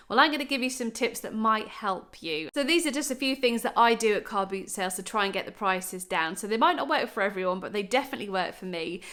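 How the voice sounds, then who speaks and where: A woman's voice: medium pitch, fairly bright tone. A woman in her thirties with a Norfolk accent, chatting bubbly to camera with lots of "right" and "um". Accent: Norfolk English. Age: 30s. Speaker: vlogger. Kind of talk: casual chat to camera.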